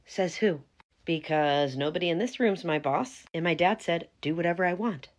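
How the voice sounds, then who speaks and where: A woman's voice: fairly low pitch, moderate pace, close to an everyday voice. A woman voicing a rude, spoiled young woman who manages events, snippy and dismissive. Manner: snippy, dismissive, eye-rolling.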